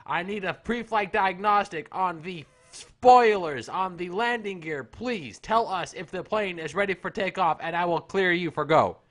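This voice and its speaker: A dogged air traffic controller, played by a man, who keeps repeating formal call signs in an improvised comedy sketch. The voice is slightly high, and the delivery stays dry, formal and insistent. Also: measured pace, few pauses, a bit bright. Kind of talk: improvised comedy role-play over radio chatter.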